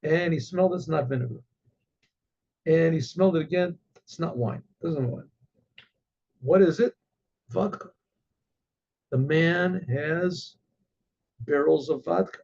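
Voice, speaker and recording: A male rabbi telling a story in a halting, unhurried way, often pausing to clear his throat. His voice is gravelly and husky, with a dark tone. It comes through a dull, lo-fi recording. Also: on the high side.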